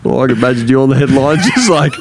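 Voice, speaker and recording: A man's voice: mid-range voice, racing, noisy background. Chatty young Australian man. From far north Queensland, Australia. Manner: animated, laughs easily, acts out voices. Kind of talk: casual chat.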